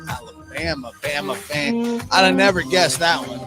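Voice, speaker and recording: A man hosting a live stream in a relaxed, chatty way, greeting viewers and reading out where they are tuning in from. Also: a little high, moderate pace, loud music behind the voice. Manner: relaxed, chatty, reads out viewer names and places. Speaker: livestream host. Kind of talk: casual live-stream chat. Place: home studio in the Pacific Northwest.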